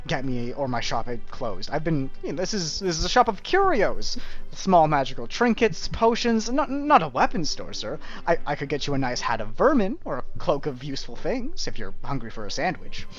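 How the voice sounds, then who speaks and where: A man doing a jittery shopkeeper who trips over his words and pitches his voice up when cornered. He rattles off his wares in a rush. The stream audio sounds dull and lo-fi. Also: lively intonation, brisk, hardly any pauses, faint music behind. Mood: nervous, eager. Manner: stammering, flustered. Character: nervous eager male shopkeeper.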